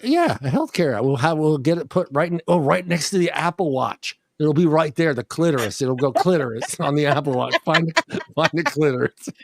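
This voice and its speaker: A man co-hosting a laid-back comedy podcast, his fairly high voice bouncing all over the place. He jokes, swears freely and laughs a lot. The sound is close and dry. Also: sing-song, moderate pace, no room sound. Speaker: podcast co-host. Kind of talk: casual comedic chat.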